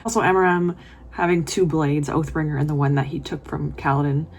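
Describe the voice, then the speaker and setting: Woman, lowish voice, book vlogger, reads aloud, gushing emotional reactions. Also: fairly even intonation, brisk, a little hiss or hum. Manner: emotional, gushing reactions with laughs and whispered asides. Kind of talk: casual reading vlog, reading passages aloud.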